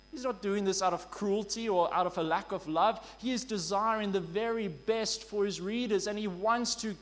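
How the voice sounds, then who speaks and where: Delivering a sermon, this high-voiced man speaks with earnest emphasis and slows his pace whenever he wants to drive home an important phrase.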